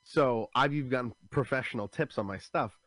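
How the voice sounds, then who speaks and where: A young man, a comedian speaking as a guest. His voice sits in a middle pitch. The sound is dry and close, with hardly any room. He tells animated stories with lots of restarts. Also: no room sound. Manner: quick, animated storytelling with many restarts. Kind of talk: casual interview chat.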